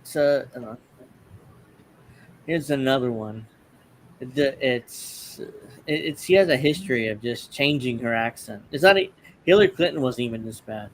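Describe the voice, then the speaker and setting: Male host from the Northeastern US, casual political commentary, sardonic and rambling, medium pitch, light background hiss. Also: expressive, measured pace, pauses often. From Northeastern United States. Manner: mocking, chatty, many restarts.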